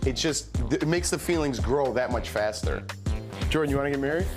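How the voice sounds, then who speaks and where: A man's voice: mid-range voice, animated, fairly quick, over music. A man who was a reality show contestant, joking and chuckling through an interview beside his partner. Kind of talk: couple interview.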